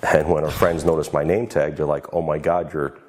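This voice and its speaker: A man speaking haltingly and earnestly in an emotional TV interview clip. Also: very deep voice, flat delivery, a little mellow. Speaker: father interviewed on a talk show clip.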